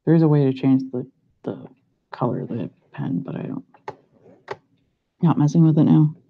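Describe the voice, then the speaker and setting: A man's voice: medium pitch, big pitch swings. Young guy talking himself through pharmacy math, kinda unsure, muffled lo-fi audio. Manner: muttering to himself, unhurried, self-doubting. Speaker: pharmacy student. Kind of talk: thinking aloud while working practice problems. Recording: muffled lo-fi recording.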